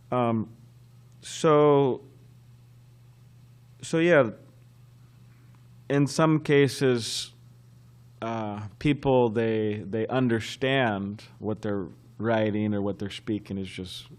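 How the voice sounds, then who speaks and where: A man giving a scripture class at a temple, telling a story in a halting, conversational way. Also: lowish voice, steady tone. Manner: halting and conversational, often restarting.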